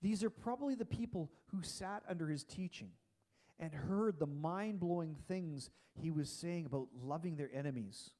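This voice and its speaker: A man preaching a casual, animated sermon in a church, with frequent restarts. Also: on the high side, moderate pace. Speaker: pastor.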